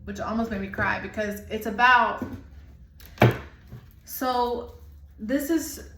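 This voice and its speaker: In a very noisy, echoey room, a woman in her thirties gives an intuitive tarot reading in a slightly high voice at a slow pace. She sounds emotional and rambles as she searches for words.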